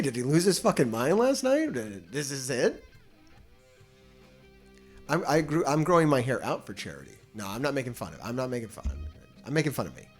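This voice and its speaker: A man hosting a casual live stream, rambling and swearing freely, laughing often as he reacts to chat. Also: medium pitch. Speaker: livestream host.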